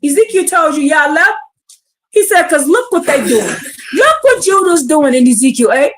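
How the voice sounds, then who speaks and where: A woman with a high, bright-pitched voice reads scripture on a livestream. She breaks into blunt, fiery, profane commentary and presses her listeners with pleading rhetorical questions. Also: sing-song, moderate pace. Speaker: scripture teacher. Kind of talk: livestreamed Bible reading with commentary.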